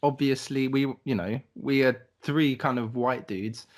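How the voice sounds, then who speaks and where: A man's voice: medium pitch, a little slow. Rambling young man telling stories. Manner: rambling, laughing, swearing, lots of fillers. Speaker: podcast co-host telling a travel story. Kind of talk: casual storytelling chat.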